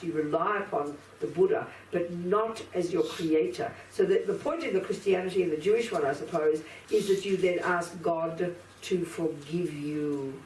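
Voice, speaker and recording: A woman giving a Buddhist dharma teaching in an emphatic, animated way, acting out inner voices as she explains. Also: fairly low pitch, a little hiss or hum. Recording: echoey room, speaker far from mic, faint ambience.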